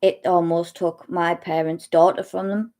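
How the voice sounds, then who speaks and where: Middle-aged woman, fairly low voice, slow deliberate personal testimony, halting with pauses. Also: level tone, warm tone. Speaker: speaker sharing personal experience.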